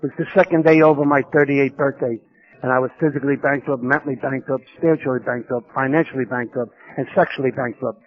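A man's voice: mid-range voice, steady tone, fast, phone-quality sound. A man from New York, telling his recovery story at a conference in a humorous, self-mocking way with vivid repetition.

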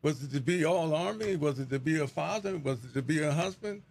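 Middle-aged male pastor guest, gravelly and earnest, reflective testimony delivery. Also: a little high, expressive, brisk, a little mellow. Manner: earnest, repeats words as he searches for them.

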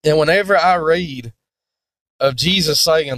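Slow, earnest male preacher. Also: on the high side, no echo. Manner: deliberate, emphatic, earnest. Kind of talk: sermon-style Bible teaching.

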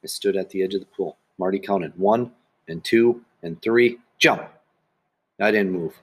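A man reading a children's book aloud in the first person, in a plain, steady voice. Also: low voice, moderate pace, slightly rough. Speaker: audiobook narrator. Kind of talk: first-person storybook narration.

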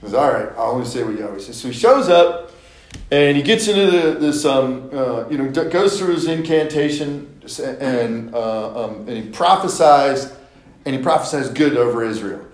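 A man's voice: medium pitch, expressive, normal speed, reverberant, low-quality recording. A man teaching a Bible study, retelling scripture stories casually and acting out the characters with playful asides.

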